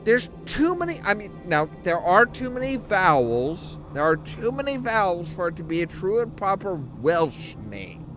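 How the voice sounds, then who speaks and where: A man's voice: high-pitched, huge pitch swings, moderate pace, hardly any pauses, over music. Rambling, profane gaming commentator man. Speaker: let's play commentator.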